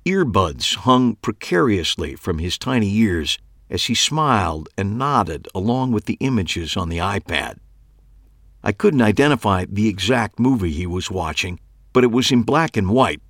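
A man with a very low voice reads a first-person story aloud in an unhurried, measured way. His pitch rises and falls with a lot of movement, and the recording is dry and close, with no room sound. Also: expressive, a bit bright, no room sound. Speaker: audiobook narrator.

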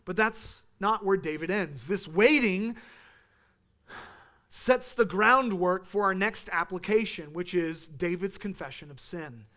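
A man in his thirties preaching a sermon, earnest, rising to emphatic peaks and falling back to quiet. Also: high-pitched, a little slow. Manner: earnest, building to emphatic peaks then dropping soft.

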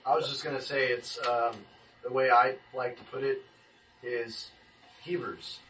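A man adds his thoughts slowly, pausing on um. His voice echoes and comes from far off. Clear clicks are heard under him. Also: mid-range voice, steady tone, background noise. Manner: hesitant, fills with um. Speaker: group member. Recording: echoey distant pickup with clicks.

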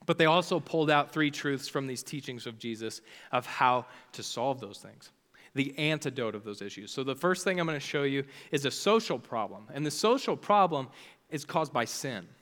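A man's voice: mid-range voice, lively intonation, normal speed, fairly bright tone, in a large hall. A man preaching a casual sermon, talking informally with lots of "like" fillers. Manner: chatty, informal, many "like" fillers.

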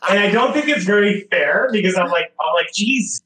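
A man's voice: high voice, expressive, fairly quick, reverberant, over a noisy crowd, low-quality recording. A man in his forties from Montreal, telling a story in casual chat with lots of fillers and restarts. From Montreal, Canada. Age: 40s.

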